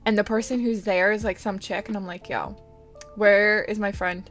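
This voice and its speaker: A woman vlogger tells a rambling story-time tale in a loose, chatty way. She swears freely and drops to a whisper when quoting herself. Soft music plays faintly underneath. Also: medium pitch, steady tone, normal speed. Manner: chatty, swearing, laughing storyteller who whispers quoted asides.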